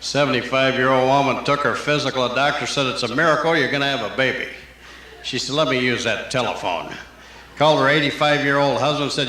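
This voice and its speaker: Bright-voiced stand-up comic on old tape. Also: male voice, mid-range voice. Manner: rapid-fire one-liners, jumping into character voices. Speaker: stand-up comedian. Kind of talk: live stand-up joke telling. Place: live comedy venue. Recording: roomy live club tape with hiss.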